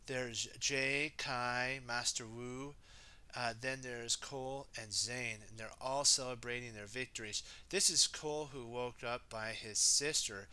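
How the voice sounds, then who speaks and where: Guy reading a kids story aloud, super bright tense voice, chatty, keeps asking viewers stuff. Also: mid-range voice, smooth. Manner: chatty, talks to viewers, asks for comments. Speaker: storybook reader.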